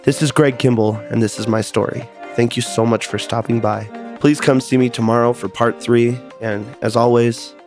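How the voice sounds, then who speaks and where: A man's voice: medium pitch, steady tone, moderate pace, few pauses, a little mellow, faint music behind. A man hosting a podcast, telling a personal story in an earnest, confessional way and sometimes repeating words as he goes. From United States. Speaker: podcast host.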